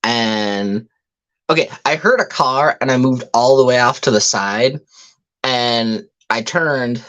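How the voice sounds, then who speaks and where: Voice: mid-range voice, slow pace, fairly bright tone. A speaker in casual podcast chat, telling profane stories in a frustrated way with many restarts. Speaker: podcast co-host.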